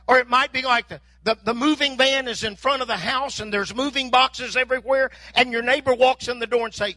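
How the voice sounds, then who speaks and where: A man's voice: very high-pitched, fairly even intonation, brisk, few pauses, sharp tone, no room sound. An older man preaching a sermon, telling folksy stories and acting out bits of dialogue. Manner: folksy storytelling with mock dialogue. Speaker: pastor.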